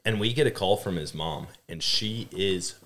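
A man's voice: deep voice, normal speed, background noise. A young adult man hosting a podcast, chatting upbeat and telling stories to his relatives. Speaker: podcast host. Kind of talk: casual conversational interview.

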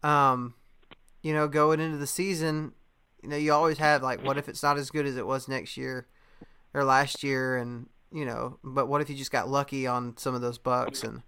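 A man's voice: mid-range voice, level tone, normal speed, sharp tone, smooth. A young man in casual chat, a podcast host telling a story in a laid-back way, with lots of fillers and laughter.

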